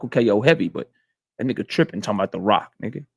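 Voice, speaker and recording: A man hosts a casual boxing talk livestream, speaking in loose slang and responding to viewers' chat messages. His slightly high, somewhat bright voice moves quickly with lively intonation.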